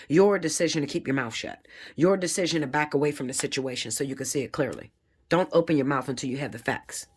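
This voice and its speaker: Doing a live tarot reading, this woman bluntly lectures her audience and swears freely. Her voice is slightly rough, and when she gets worked up she becomes emphatic and jumps up high.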